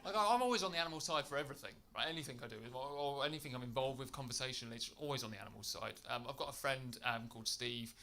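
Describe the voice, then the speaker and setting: A man from Britain performing a stand-up comedy set in a club, telling a chatty story with tag questions that bursts into shouted rants. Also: medium pitch, rapid-fire, few pauses, a little hiss or hum. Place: comedy club stage with laughing audience.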